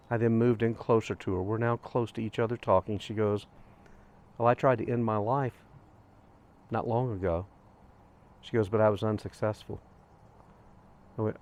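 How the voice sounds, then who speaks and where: A man's voice: lowish voice, fairly even intonation, normal speed, pauses often, a little mellow. A middle-aged man from the United States hosting a grief channel, telling a personal story in an earnest, repetitive way and retelling his side of a conversation. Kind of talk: reflective storytelling monologue.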